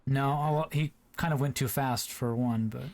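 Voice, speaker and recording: A man's voice: mid-range voice, moderate pace, darkish tone. A man doing easygoing play-by-play commentary on an online geography game, chatting with a co-host. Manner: easygoing, chatty, with frequent fillers. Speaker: esports commentator.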